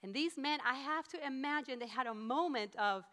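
A woman preaching a sermon, telling the story in an animated, emphatic way. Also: high voice, normal speed, hardly any pauses.

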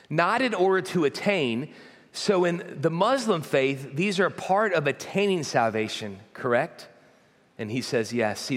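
A man preaching a sermon as pastor, in an emphatic, repetitive preaching cadence. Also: mid-range voice. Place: church auditorium. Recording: long hall reverb.

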